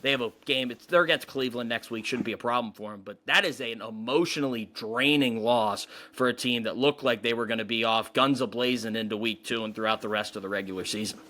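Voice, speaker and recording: A man's voice: mid-range voice, fast, hardly any pauses, sharp tone. A man co-hosting a sports podcast, chatting casually in long, rambling runs. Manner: talkative, rambling. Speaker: podcast co-host.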